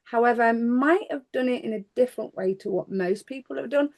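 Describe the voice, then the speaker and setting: A woman's voice: on the high side, fairly quick, a little mellow. A woman on a podcast panel, speaking in a wry, matter-of-fact way in casual chat.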